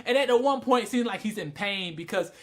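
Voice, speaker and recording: Animated, excitable man telling stories. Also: fairly quick. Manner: animated storytelling, bursts into loud high yelling; frequent swearing and laughter. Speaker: anime reviewer. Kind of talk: casual video review.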